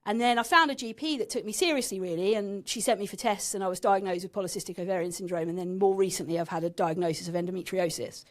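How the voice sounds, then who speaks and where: A woman's voice: medium pitch, fast, few pauses. Woman, 30s, from England. Podcast guest sharing a raw personal story; frank and emotional, mid-range voice.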